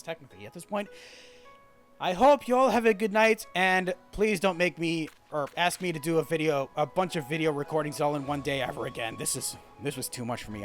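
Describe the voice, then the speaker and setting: A man hosting a let's-play, talking casually and laughing at himself, his voice hoarse after a long day. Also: high-pitched. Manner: chatty, laughing, self-mocking. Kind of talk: gameplay commentary.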